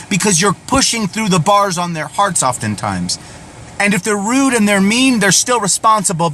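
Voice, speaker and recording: A man's voice: on the high side, fairly bright tone, a little hiss or hum. A man, a veteran advocate, gives an impassioned motivational talk, earnest and repetitive in a sermon-like way.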